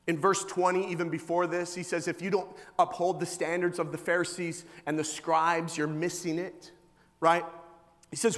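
A fairly high-voiced man in his thirties preaches to a congregation, slipping into acted-out voices and bursts of shouting as he tells his story. His voice rings with the long reverb of a large hall. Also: little pitch movement, unhurried, long pauses. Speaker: pastor. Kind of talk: sermon.

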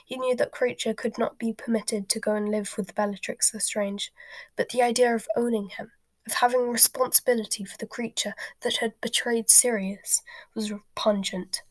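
A woman narrating a storybook in a soft, hushed whispered role-play reading. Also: fairly high pitch, fairly even intonation, normal speed, no room sound.

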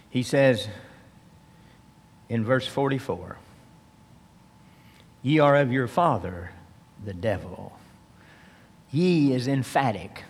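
An unhurried man teaching from scripture, reading each verse with deliberate weight before explaining it plainly. His voice sits at an ordinary pitch, lifting for emphasis and sinking soft. A long reverb trails every phrase. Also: breathy edge. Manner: reads verses slowly, then explains in plain talk; rises with emphasis, drops low and soft. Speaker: preacher. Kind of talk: expository Bible teaching.

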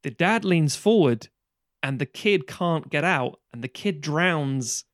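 A man with a slightly raised pitch talks through a film plot in a casual podcast chat. He swears freely and keeps jumping into the characters' voices as he retells it. The sound is close and dry, with no room around it. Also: takes it slowly, dry recording. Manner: animated, sweary, acts out characters' lines.

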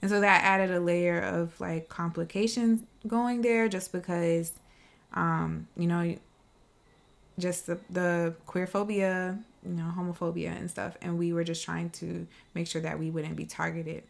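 A woman's voice: fairly low pitch, fairly even intonation, measured pace, vocal fry. A woman from South Carolina speaking earnestly and reflectively in a casual discussion. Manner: reflective, earnest personal account.

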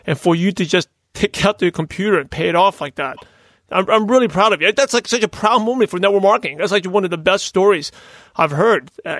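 A man's voice: high-pitched, no echo. A man hosting a podcast interview, effusive and visibly moved by his guest's story. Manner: effusive, moved, warmly encouraging. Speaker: podcast host.

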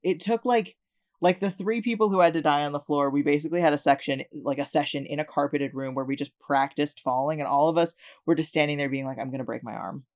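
A young woman in casual conversation, telling animated stories and slipping into quoted voices. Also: low-pitched, quick pace. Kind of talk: casual chat.

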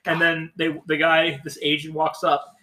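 A podcast co-host chats casually about comedy films, animatedly retelling scenes and acting out quotes. His voice is a little high and moves at normal speed. The recording is low-quality, with slight background noise.

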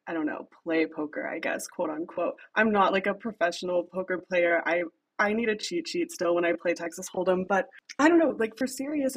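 A woman's voice: on the low side, slightly rough, poor audio. A young woman guest on a podcast, chatting casually and animatedly about her writing, laughing often and acting out lines. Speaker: podcast guest, fanfic writer.

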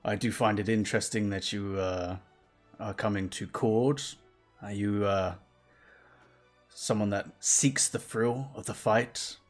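A man voicing a slow, solemn giant warrior-priest. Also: lowish voice, fairly even intonation, soft background music. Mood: measured. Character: towering calm male warrior-priest.

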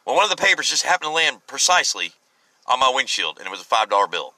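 A man's voice: mid-range voice, very animated, fast talker, heavy background noise. A man telling a personal story in a casual, rambling way, often repeating and restarting his words for emphasis.

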